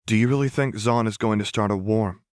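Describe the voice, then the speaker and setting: A man's voice: on the low side, a little fast, no echo, clean studio sound, voice pushed up, lightly acted. A man reading the part of a young woman graduate who speaks in a polite, eager way. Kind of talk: audiobook reading of fan fiction.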